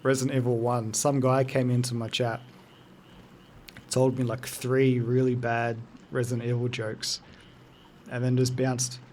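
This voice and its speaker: A man's voice: mid-range voice, flat delivery, a little slow, a little mellow, a little hiss or hum. A man in his thirties chatting casually while streaming a game, loose and joking, answering his chat. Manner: loose, joking, sweary, talks to chat between game moments.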